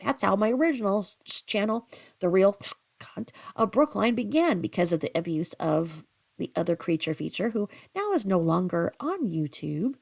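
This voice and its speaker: A woman's voice: mid-range voice, sing-song, normal speed, vocal fry, a little mellow. A woman hosting a commentary channel, ranting bluntly and profanely about another online creator. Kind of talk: angry commentary.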